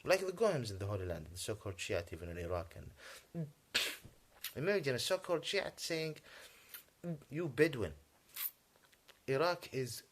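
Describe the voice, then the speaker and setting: Speaking English as a native Arabic speaker, this male vlogger delivers a rambling, worked-up monologue. His pitch is medium but swings widely, and he keeps stopping and clearing his throat.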